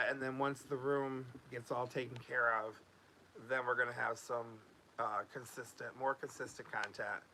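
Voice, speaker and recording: A man's voice: mid-range voice, level tone, normal speed, pushed and bright, slight background noise. A man hosting a casual home vlog, talking loosely with many fillers and restarts. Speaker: YouTube host.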